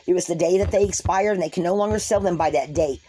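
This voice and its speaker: A woman vlogger spins a casual story for her viewers in a lowish, mellow voice. Her talk is folksy and rambling, full of restarts and asides. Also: fast, a little hiss or hum.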